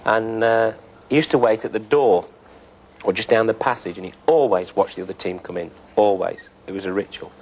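An older man, a former footballer, telling stories in a relaxed interview style, with many fillers. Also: fairly low pitch, brisk, rough recording. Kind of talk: reminiscing interview.

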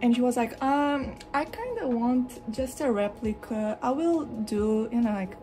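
Slow-talking young woman with a mellow voice. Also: faint music behind. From Europe. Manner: rambling, expressive, jumps into animated high-pitched retellings. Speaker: vlogger. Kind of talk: casual chat while showing a collection. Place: hot room at home with a fan running.

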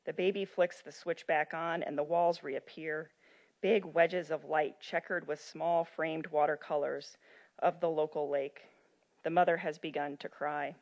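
A woman gives an ethics lecture, reading a passage aloud with feeling before explaining it. Her voice sits a little low for a woman. Her talk turns loose and halting, full of ums. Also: fairly even intonation, a little mellow.

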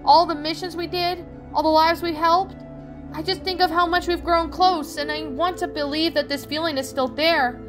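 Lady putting on a high upset boy pup voice, raised and emotional, soft music under. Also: steady tone, moderate pace. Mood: tearful. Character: young male puppy, hurt and angry. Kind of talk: fan fiction reading.

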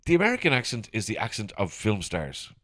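A man's voice: fairly low pitch, huge pitch swings, fast, a bit bright. An Irish man with a dry, sardonic wit, guesting on a comedy chat.

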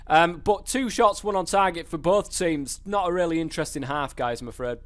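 A young English man giving live commentary over a football video game. He gets excitable and swears a lot, shouting at the game. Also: fairly high pitch, a little fast. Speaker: gaming YouTuber. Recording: faint background noise.

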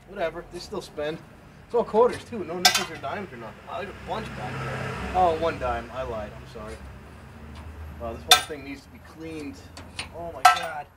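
A man giving a casual running commentary as he works, excitable, exclaiming and thinking aloud into a camera mic held close. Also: a little high, normal speed. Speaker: vlogger restoring a vending machine. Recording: noisy background hiss.

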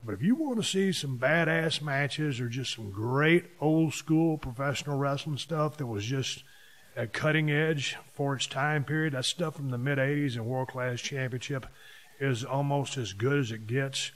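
A man, hosting a podcast and telling stories from his past in a casual monologue, hitting key words with sudden louder bursts. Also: medium pitch, normal speed. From Texas. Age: 50s. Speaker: podcast host.

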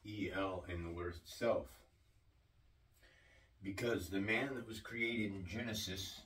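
Slow, deliberate male preacher. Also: low voice, steady tone, fairly bright tone, far from the mic, rough recording. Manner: slow, deliberate, asks the listeners questions. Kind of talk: sermon-style teaching.

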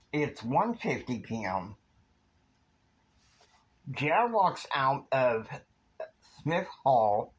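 A man tells a long, casual story at an unhurried pace, his pitch rising and falling freely. He meanders from scene to scene and fills pauses with filler words. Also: poor audio. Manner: meandering, with fillers and time stamps.

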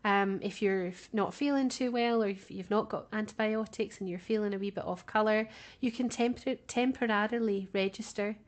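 A woman co-hosts a casual podcast. She talks in a chatty, warm-hearted way and laughs often. Her pitch sits in the middle of the range. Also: steady tone, moderate pace. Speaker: podcast co-host.

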